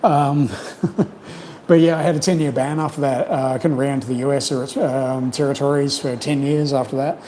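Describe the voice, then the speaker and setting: A man's voice: mid-range voice, steady tone, normal speed, warm tone, a little hiss or hum, poor audio. A man, telling stories frankly and casually with lots of swearing and fillers. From New Zealand. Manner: frank, profane storytelling with many fillers. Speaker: channel host. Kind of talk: casual livestream chat.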